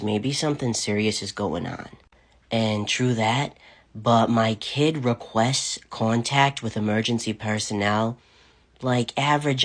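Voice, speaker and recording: A woman recovering from covid, telling a funny story about her son in a casual, animated way, often breaking into laughter. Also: rumbling low. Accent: American. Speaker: vlogger.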